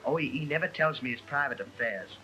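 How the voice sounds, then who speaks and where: A flustered, giggling fake housemaid fumbles through every answer in a 1930s screen comedy. The voice is bright and bouncy, swooping up and down. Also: male voice, on the high side, lively intonation, fast talker, faint music behind, poor audio. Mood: flustered, giggly. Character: bashful man posing as a housemaid. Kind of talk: 1930s film comedy acting.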